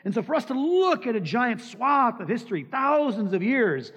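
A man's voice: very high-pitched, very animated, normal speed, a bit bright, husky. A man preaching a sermon, emphatic, asking the congregation rhetorical questions and acting out quoted lines. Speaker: pastor. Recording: dull lo-fi sound with long hall reverb.

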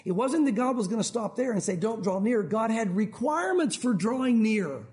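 A man's voice: very high-pitched, sing-song, normal speed, a little mellow. A man preaching a sermon in a conversational way, firing rhetorical questions at his listeners. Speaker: pastor.

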